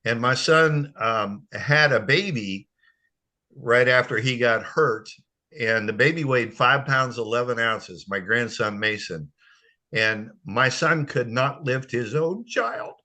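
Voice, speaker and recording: An older man tells a family story on a call, his voice bright and forward at a middle pitch. He speaks haltingly, and his voice catches and breaks as the feeling rises. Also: animated. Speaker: guest sharing a testimony. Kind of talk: emotional personal testimony.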